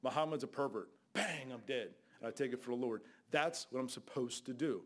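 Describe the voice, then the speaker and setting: An older man preaching a fiery Bible sermon as a guest preacher, scolding loudly and then dropping to low asides. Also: brisk. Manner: loud, scolding, shifts between shouting and low asides.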